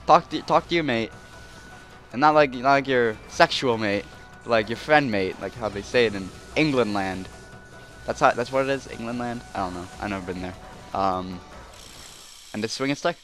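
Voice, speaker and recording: A man's voice: medium pitch, lively intonation, normal speed, fairly bright tone, faint music behind. A man commentating his let's play in a rambling, self-deprecating way, full of fillers.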